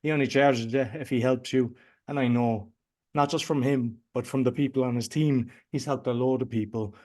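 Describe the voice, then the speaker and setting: Irish male host, loose chatty delivery, mid-pitched everyday voice. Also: fairly even intonation, normal speed, dark tone. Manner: chatty and rambling, loose informal phrasing. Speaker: podcast host. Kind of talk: casual interview chat.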